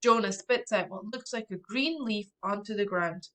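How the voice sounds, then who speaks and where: A woman reads a children's chapter book aloud with lively expression. Her voice is bright, and she drops to soft asides between quotes. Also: medium pitch, moderate pace, few pauses. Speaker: audiobook reader.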